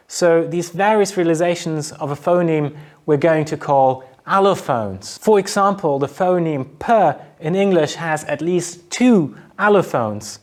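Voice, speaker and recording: A male university lecturer talks through his material in a measured, explanatory way. His voice sits a little higher than most men's, and he stops now and then to sound out example words clearly. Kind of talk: recorded lecture narration.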